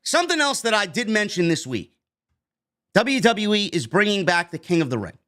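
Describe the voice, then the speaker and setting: A man with a rather high voice rants about the news as a podcast host. He is emphatic and blunt and swears without holding back. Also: very animated, moderate pace, pushed and bright. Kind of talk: opinionated news rant.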